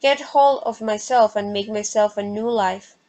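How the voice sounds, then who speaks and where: A woman voicing an anxious, indignant woman, reading her lines slowly from a play script. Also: mid-range voice, a little mellow, lightly acted, poor audio.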